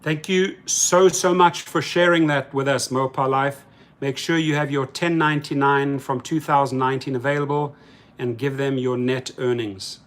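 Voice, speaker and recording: A man's voice: medium pitch, fairly even intonation, normal speed. A man hosting a live stream in casual talk, reading viewer comments aloud and speaking in heated, colloquial terms. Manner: heated, mocking.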